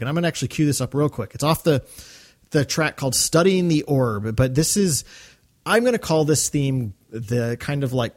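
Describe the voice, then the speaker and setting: A man's voice: medium pitch, a little mellow. A man co-hosting a fan podcast, talking enthusiastically with many fillers and restarts. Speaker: podcast co-host. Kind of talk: casual fan podcast discussion.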